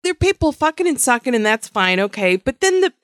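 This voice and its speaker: A woman's voice: high-pitched, sing-song, fairly quick, no room sound, studio quality. A woman co-hosting a podcast, recapping a TV series in blunt, casual chat that swears freely. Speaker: podcast co-host.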